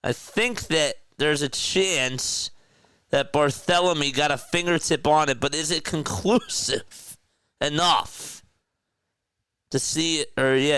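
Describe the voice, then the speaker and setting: A man's voice: on the high side, a bit bright, clear, resonant tone, no room sound. A young man from South Jersey with a South Jersey accent, calling live basketball play-by-play in a chatty way, laughing at his own asides. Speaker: play-by-play commentator.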